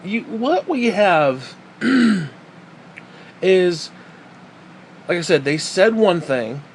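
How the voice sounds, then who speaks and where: A man's voice: high voice, very animated, very slow, vocal fry. A man ranting in a crude, sarcastic and heated way to his viewers, swearing often, with a faint air-conditioner hum behind him. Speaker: vlogger. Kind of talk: profane ranting commentary.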